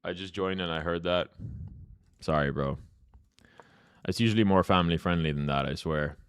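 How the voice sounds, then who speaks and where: A man's voice: low-pitched, normal speed, clean tone, no room sound, studio quality. A young man live-streaming chess, ranting profanely at his chat and telling a story in between.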